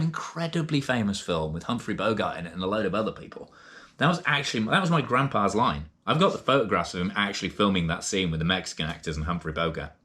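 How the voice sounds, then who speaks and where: Man, deep low voice, enthusiastic, casual vlog chat. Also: animated, quick pace, bright, forceful tone. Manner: enthusiastic, chatty, with fillers and asides. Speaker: vlogger and co-author reading from a book. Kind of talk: casual vlog with read-aloud passages.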